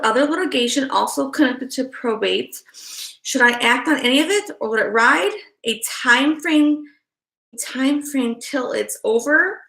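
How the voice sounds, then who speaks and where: A woman's voice: fairly high pitch, vocal fry, a bit bright. Frustrated woman tarot reader, echoey room. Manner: frustrated, mutters to herself, swears. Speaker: tarot reader and livestream host. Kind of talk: casual livestream chat.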